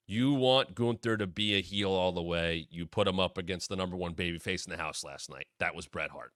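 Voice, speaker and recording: Man, podcast host, blunt opinionated commentary, crisp dry close sound, bright tone. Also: low voice, fairly quick, few pauses, dry recording. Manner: animated, blunt, casual swearing.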